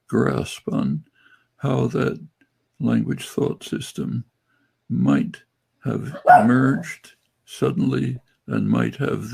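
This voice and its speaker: Older man with a deeply gravelly, rough voice and a husky breathiness, speaking in slow, deliberate phrases. He explains ideas in a calm academic register. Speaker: guest speaker.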